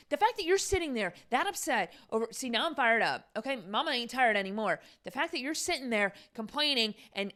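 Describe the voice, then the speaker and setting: A woman's voice: a little high, a bit bright. A young adult woman hosting her own podcast, talking in a casual, exasperated rant full of fillers and sarcasm. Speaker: podcast host.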